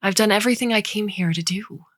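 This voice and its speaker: A woman voicing a gentle robot stand-in for a loving mother, speaking softly and partly in a whisper. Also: mid-range voice, quick pace, dry recording, studio quality, voice pushed up, natural voice. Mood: tender. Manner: soft, tender, partly whispered.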